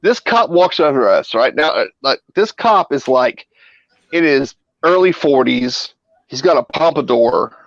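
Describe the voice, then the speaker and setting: A man's voice: medium pitch, unhurried, gravelly, no echo, lo-fi sound. A man guest on a live stream, telling a wild anecdote with constant swearing. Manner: profane, animated anecdote telling. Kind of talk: casual storytelling on a live stream.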